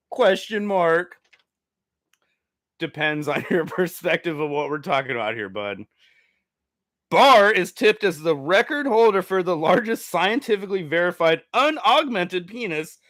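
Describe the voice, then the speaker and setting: This comedy news host has a high voice and reads stories aloud, punctuating them with crude swearing and giggly asides. He swings animatedly from muttering to exclaiming. The sound is dry and clean, like a studio.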